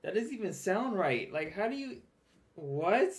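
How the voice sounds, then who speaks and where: A man's voice: high voice, very animated, measured pace. A young man streaming a casual reaction to a recap video, chatty, laughing often and repeating himself as he talks.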